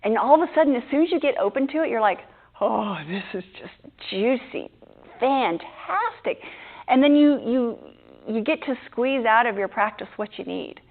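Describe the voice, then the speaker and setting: A woman yoga teacher chatting in a group discussion, lively and laughing, acting out her own inner voice. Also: on the high side, fast. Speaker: yoga teacher hosting a teacher training. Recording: tinny phone-like sound.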